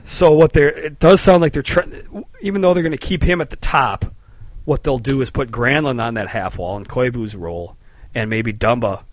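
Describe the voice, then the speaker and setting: A man hosting a casual sports podcast, animated and joking, swearing freely. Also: medium pitch, moderate pace, no echo. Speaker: podcast host.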